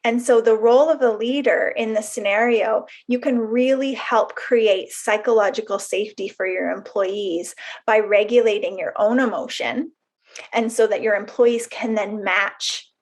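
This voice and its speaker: A woman's voice: medium pitch, normal speed. A woman presenting a webinar, explaining ideas earnestly with conversational asides.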